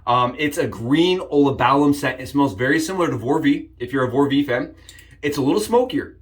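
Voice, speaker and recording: A man hosting a casual shaving vlog, upbeat and jokey, rambling with frequent restarts and sudden excited jumps in pitch. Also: fairly quick. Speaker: shaving channel host. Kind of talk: casual shave demonstration vlog.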